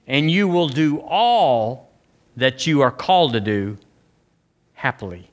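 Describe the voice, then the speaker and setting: A man's voice: mid-range voice, big pitch swings, measured pace. A man preaching a sermon, talking conversationally to the congregation and asking them questions, often restarting and repeating phrases. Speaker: pastor.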